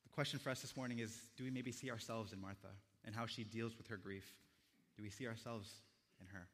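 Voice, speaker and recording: A young man preaching a sermon as a pastor, in a gentle, reflective storytelling manner with quiet pauses. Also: on the low side, steady tone, big-room sound.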